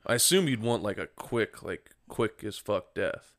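A man's voice: lowish voice, sing-song, a little slow, a bit bright. A man in loose casual podcast banter, swearing often and filling his talk with "like". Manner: loose, swears a lot, lots of fillers.

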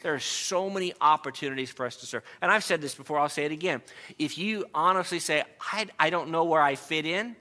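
A man's voice: a little high, fairly quick, sharp tone. A man preaching an earnest sermon to a congregation, reading scripture aloud and stressing key words. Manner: earnest, reads scripture aloud, emphatic asides.

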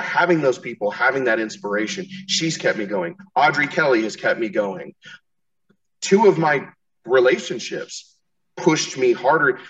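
A podcast host with a medium-pitched, fairly bright voice talks loosely in a casual interview, circling his point with frequent restarts and swearing. He sits a little back from the mic, so the sound is distant, dull, and lo-fi.

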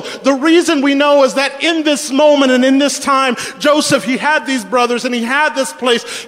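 A man's voice: very high voice, lively intonation, measured pace, fairly bright tone, in a large hall. A male pastor preaching a sermon, asking the congregation questions and repeating words as he builds each point.

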